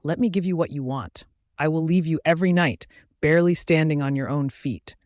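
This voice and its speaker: A man's voice: fairly high pitch, a little fast, darkish tone, no room sound, studio quality, close to an everyday voice. A man reading the lines of an arrogant, violent male werewolf alpha in an audiobook, in an angry, demanding voice. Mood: threatening.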